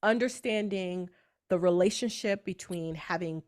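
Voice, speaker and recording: A woman in her thirties from New York with a New York accent, a beauty industry coach telling lively stories in a podcast interview. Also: fairly low pitch, moderate pace. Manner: animated storyteller, acts out voices.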